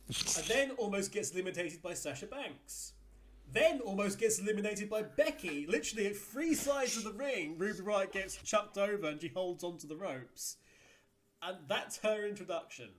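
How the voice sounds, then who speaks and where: Man recapping wrestling with filler words. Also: high voice. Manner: recaps events step by step with frequent fillers. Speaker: podcast co-host. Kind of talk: casual wrestling recap chat.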